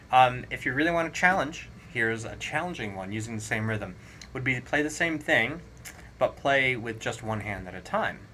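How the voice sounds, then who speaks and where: A man teaching a drum lesson, counting rhythms aloud in a relaxed, explanatory way. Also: medium pitch, a little hiss or hum. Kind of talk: casual spoken drum lesson. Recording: drums playing clearly behind the voice. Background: drum kit playing.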